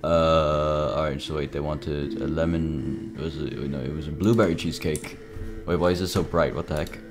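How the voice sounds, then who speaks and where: A young man with a very low voice, mumbling through casual gameplay commentary. He stops and restarts often and talks quietly to himself, with loud game music behind him. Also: fairly even intonation. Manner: mumbly, halting, lots of fillers. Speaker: gaming video creator.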